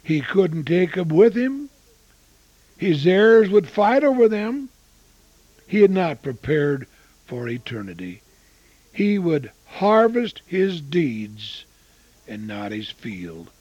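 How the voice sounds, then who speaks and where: Husky, slow-talking elderly man preaching. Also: fairly high pitch, very animated, dry recording, dull audio. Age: 80s. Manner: swings between loud exclamations and hushed asides. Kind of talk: storytelling sermon.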